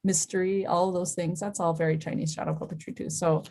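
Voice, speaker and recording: A woman's voice: on the low side, fairly even intonation, a little fast, warm tone. Bubbly woman teaching an online workshop. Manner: bubbly, encouraging, chatty. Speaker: workshop instructor.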